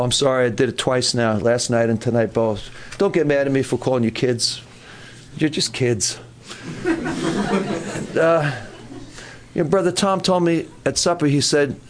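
An older man giving a sermon at a youth camp, animated and joking, with quoted asides. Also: medium pitch, moderate pace, a little hiss or hum. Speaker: camp speaker.

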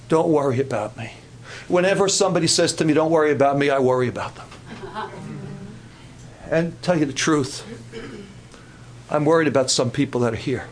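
An older man preaching a sermon in an animated, dramatic way, swinging between loud outbursts and hushed passages. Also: fairly high pitch, a little hiss or hum.

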